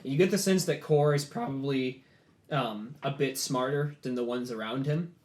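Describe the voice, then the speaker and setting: A man's voice: medium pitch, moderate pace, darkish tone. Brief: male game master, easygoing narration, loaded with fillers. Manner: casual, many filler "like"s.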